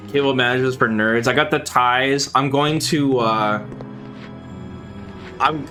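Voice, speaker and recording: Male streamer, mid-pitched and ordinary, rambling and profane, talking to chat over faint game music. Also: fairly even intonation, slow, pushed and bright. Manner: rambling, swears freely, talks to his viewers. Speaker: gaming streamer. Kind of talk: casual chat while playing a game.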